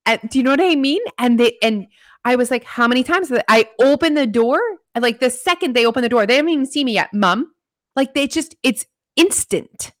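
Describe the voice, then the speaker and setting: Animated mom in a dry, close room. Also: female voice, high voice, brisk, no room sound. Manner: animated storyteller, filler-heavy. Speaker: podcast co-host. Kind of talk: casual chat.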